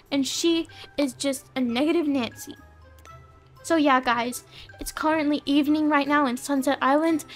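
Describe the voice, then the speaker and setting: High-voiced woman narrating a game. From Australia. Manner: chatty, soft, addressing viewers directly. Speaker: game role-play creator. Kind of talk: narrated game role-play talking to viewers. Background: faint music.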